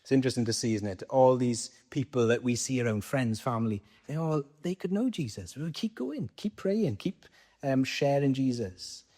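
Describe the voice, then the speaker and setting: A man's voice: medium pitch, animated, moderate pace, dark tone. A man with a Welsh accent preaching a sermon in a conversational way, putting questions to the congregation and answering them himself.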